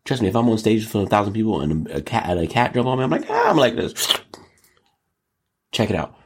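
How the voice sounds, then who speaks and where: Male comedy host, low husky voice, very lively and slangy. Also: quick pace. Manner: animated, joking, slangy, breaks into high mock voices. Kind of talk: comedic commentary show.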